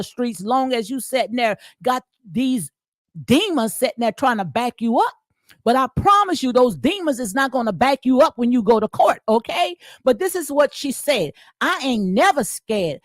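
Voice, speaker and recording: A woman's voice: a little high, no echo, clean studio sound. Emphatic middle-aged woman commentator. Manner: emphatic, repeats phrases, frequent "okay?". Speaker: commentary channel host. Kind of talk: casual commentary reading and reacting.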